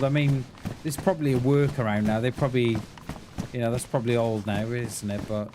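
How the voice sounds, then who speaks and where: Slow-talking man streaming a game. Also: medium pitch. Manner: rambling, chummy, addresses chat as mate and buddy. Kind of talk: casual live-stream chat while playing. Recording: clear game noise behind the voice.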